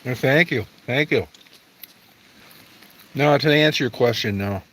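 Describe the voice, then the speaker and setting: A man's voice: medium pitch, unhurried, a bit bright, rough recording. A middle-aged man livestreaming, chatting with viewers in a blunt, profane, rambling way. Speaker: livestream host. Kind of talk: casual livestream chat answering viewers.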